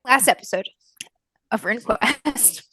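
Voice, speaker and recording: A woman's voice: on the high side, unhurried, pushed and bright, slightly rough, no echo. A woman player recapping the last tabletop session in a casual way, laughing often and swearing lightly. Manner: laughs through her sentences, swears casually.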